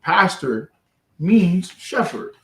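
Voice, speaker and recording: A man leading a scripture class, animated and bantering with call and response. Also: high-pitched, very slow. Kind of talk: street-preaching style scripture class. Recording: roomy echo, distant from the mic.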